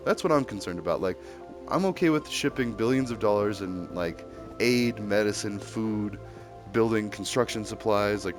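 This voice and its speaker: A man ranting in a casual, rambling way, heated and packed with fillers and restarts. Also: fairly low pitch. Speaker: streamer. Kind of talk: casual rambling opinion rant. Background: music.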